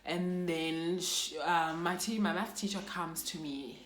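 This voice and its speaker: A woman's voice: lowish voice, steady tone, unhurried, roomy sound, a little hiss or hum. Young South African woman, emotional storytelling. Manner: emotional, mixes in Xhosa phrases. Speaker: YouTuber. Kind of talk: storytime vlog.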